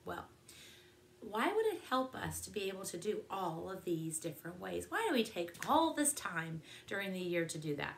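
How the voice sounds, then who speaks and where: A woman's voice: lowish voice, sing-song, normal speed, gravelly, slight background noise. Woman teacher walking young kids through math, upbeat and full of questions. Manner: encouraging, asks many questions. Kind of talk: classroom math lesson.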